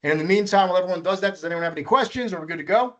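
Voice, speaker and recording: A man's voice: sits high, very fast, a bit bright. A man leading a live coding workshop, walking through each step patiently and correcting himself as he goes. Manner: patient, walks through steps, self-correcting. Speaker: workshop instructor.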